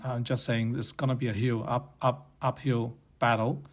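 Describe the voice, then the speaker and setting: A man's voice: mid-range voice, flat delivery, moderate pace. Blunt man musing aloud. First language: Chinese. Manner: blunt, opinionated, rambling with self-corrections. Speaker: podcast host. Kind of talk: casual opinion monologue.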